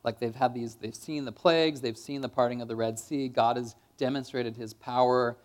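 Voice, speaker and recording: A man's voice: mid-range voice, fairly even intonation, moderate pace. A man preaching a sermon in a church, in a casual, conversational way with lots of "kind of" and "like.".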